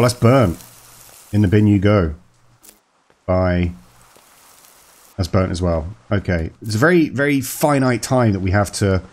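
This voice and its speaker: A gaming video host does let's play commentary on a horror game, chatting playfully, joking along and talking to the characters. His voice is mid-range and a little mellow.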